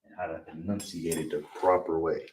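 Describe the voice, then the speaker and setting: A man teaching a language class, breaking words into syllables and repeating each one slowly. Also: very deep voice, fairly even intonation, a little mellow. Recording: distant mic with clear background noise.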